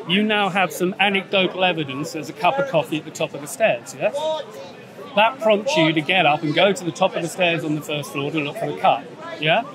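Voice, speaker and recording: A man's voice: sits high, brisk. A middle-aged man in a street debate, explaining step by step and checking for agreement with "yeah?", speaking into a handheld mic outdoors. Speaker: agnostic debater. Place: outdoors in a public urban space. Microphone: handheld microphone held out by a crew member. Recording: street recording with loud crowd behind.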